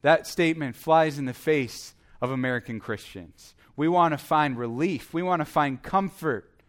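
A man's voice: a little high, moderate pace. A man preaching a sermon as the pastor, earnest and emphatic, repeating his exhortations.

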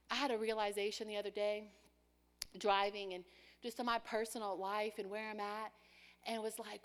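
A woman's voice: mid-range voice, flat delivery, normal speed. A woman preaching a sermon, acting out prayers in a child's voice and dropping at times to a whisper.

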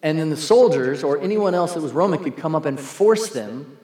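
A man preaching a sermon as a pastor, animated and acting out the voices he quotes. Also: fairly high pitch, a little fast. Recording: echoey hall, long reverb.

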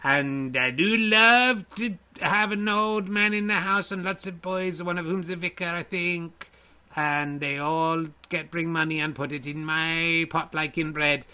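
A man playing a showy impressionist character who shouts exaggerated celebrity impressions. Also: a little high, steady tone, a little slow, smooth, pitched above the performer's own voice. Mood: camp. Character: impressionist version of the host, male, showy.

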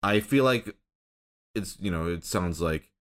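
A man hosting a casual interview, talking in a halting way with many hedges and fillers. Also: low-pitched, lively intonation, fairly bright tone. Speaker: podcast host.

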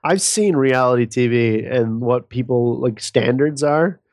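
A man's voice: medium pitch, unhurried, no room sound, studio quality. A man co-hosting a comedy podcast, rambling casually with lots of fillers and profanity. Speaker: podcast co-host.

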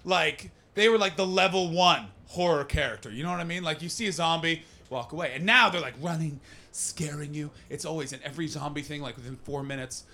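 An American comedian does brash, profane crowd work on stage at a comedy club, alternating mumbled asides with loud rants. His voice is a little high and a little fast.

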